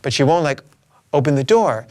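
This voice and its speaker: A man's voice: a little high, expressive, fairly quick, darkish tone. A middle-aged man telling a personal story in a rambling, anxious way full of fillers. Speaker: filmmaker recounting his life.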